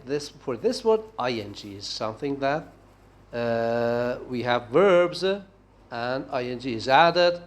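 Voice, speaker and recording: A man giving a university linguistics lecture, talking haltingly and often checking in with "okay?". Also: a little high. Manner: slow, halting delivery with frequent "okay?" checks and restarts.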